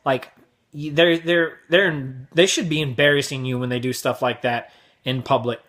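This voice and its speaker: A man's voice: medium pitch, fairly even intonation, normal speed, fairly bright tone. A young man hosting his vlog, telling crude, exaggerated stories in a brash comedic rant. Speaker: vlog host.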